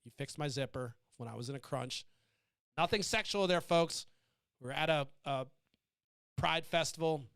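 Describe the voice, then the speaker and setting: A man's voice: mid-range voice, a bit bright, no room sound. An American man hosting a podcast, talking in a blunt, defiant, freely swearing monologue. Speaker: podcast host. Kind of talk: casual profane monologue.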